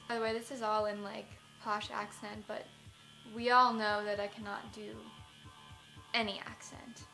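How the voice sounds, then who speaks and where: A woman's voice: a little high, fairly even intonation, moderate pace, vocal fry, pushed and bright, soft background music. A young American woman in a casual vlog, telling a story in a rambling, self-mocking way, full of "like". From United States. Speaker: vlogger.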